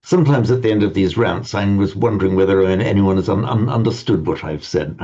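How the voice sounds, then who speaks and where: A man with a lowish, warm, slightly breathy voice talks fairly quickly as he teaches a language class. His lecture wanders off on tangents, with frequent stammered restarts and wry asides. The recording is dull and lo-fi.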